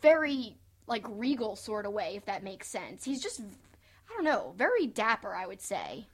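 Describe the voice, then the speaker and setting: A woman's voice: medium pitch, sing-song, unhurried, husky. A woman co-hosting a podcast, chatting casually and enthusiastically, with lots of fillers. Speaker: podcast co-host. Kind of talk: casual wrestling podcast chat.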